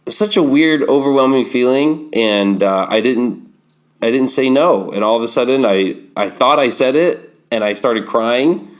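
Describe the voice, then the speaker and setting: A man's voice: medium pitch, normal speed. A man in his thirties, a podcast guest, telling a personal story in a candid, vivid way and acting out remembered dialogue.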